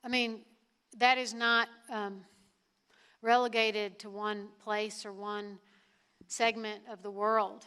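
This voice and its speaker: A woman's voice: a little high, bright, forceful tone, clean tone. A middle-aged woman, a priest and nonprofit leader, answering questions on stage with earnest, emphatic storytelling. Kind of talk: live Q&A talk on stage.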